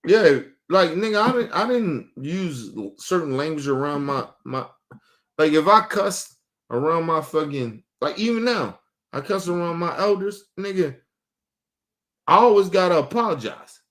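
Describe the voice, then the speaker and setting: A man's voice: a little high, measured pace. A man in his thirties hosting a casual streamed podcast, talking loosely and profanely, acting out quotes as he tells stories. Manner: profane, animated storytelling with acted-out quotes. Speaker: podcast host. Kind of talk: casual chat. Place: home studio, streaming.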